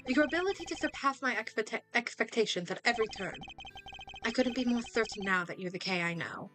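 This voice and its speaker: A woman's voice: fairly high pitch, noisy background, close to an everyday voice. A woman doing a stern composed male prosecutor. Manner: measured, reproachful. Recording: clear game music behind voice.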